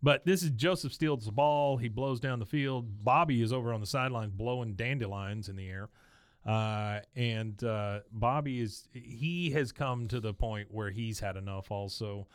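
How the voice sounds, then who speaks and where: A man's voice: medium pitch, normal speed, clear, resonant tone, no echo, clean studio sound. A man hosting a podcast, casually recapping a show and telling the story in a chatty way. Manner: chatty, storytelling, acts out voices. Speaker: podcast host. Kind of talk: casual episode recap with acted voices.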